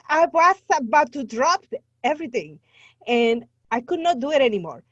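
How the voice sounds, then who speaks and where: A woman's voice: high voice, expressive, moderate pace, no echo, highs cut off. A woman from Guatemala with a Guatemalan Spanish accent, a native Spanish speaker, talking earnestly and from the heart as a podcast guest. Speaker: guest, membership site owner. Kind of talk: casual podcast interview.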